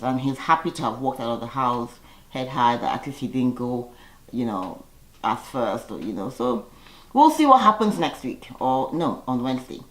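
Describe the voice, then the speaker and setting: A woman giving a casual video recap in a sassy way, acting out the quotes in put-on voices. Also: low-pitched. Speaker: YouTuber recapping a reality show. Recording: echoey room.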